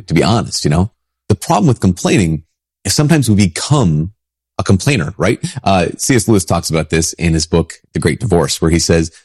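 Brief: husky low-voiced man, priest with a head cold, rambling conversational talk, dry close sound. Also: a little mellow, dry recording. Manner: casual, rambling, frequent restarts. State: sick with a stuffy nose. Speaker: Catholic priest.

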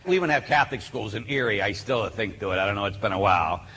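A man's voice: lowish voice, expressive, fast, pushed and bright. A man preaching a sermon with emphatic, insistent delivery to a live audience. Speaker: Catholic speaker. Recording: reverberant hall, faint noise.

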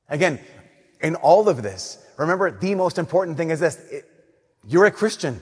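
A man preaching a conversational sermon, telling stories and slowing down softly on his key points. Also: fairly high pitch, big pitch swings, breathy edge, big-room sound.

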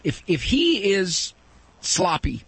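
Gravelly, emphatic male radio advice host. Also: high-pitched, wildly swooping pitch, a bit bright. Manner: emphatic, lecturing, breaks into quick mock quotes. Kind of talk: call-in advice show.

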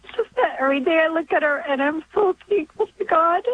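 A woman in her forties calling in from New York, emotional and halting, laughing through tears as she talks. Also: extremely high pitch. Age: 40s. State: crying. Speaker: caller. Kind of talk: emotional call-in sharing. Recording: tinny phone line.

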